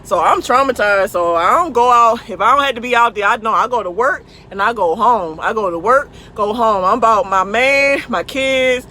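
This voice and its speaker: At night beside her truck, a woman trucker livestreams on her phone, joking around and answering viewers' comments in a playful, goofy way. Her fairly high voice moves at a normal speed with few pauses and has a sharp edge. Faint vehicle noise drifts in from outside.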